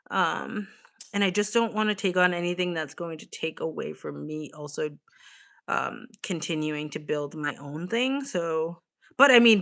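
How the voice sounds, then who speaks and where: A woman's voice: on the low side, sharp tone. A young woman chatting casually on a livestream from home, swearing freely and reading the chat aloud. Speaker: live streamer. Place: home, evening.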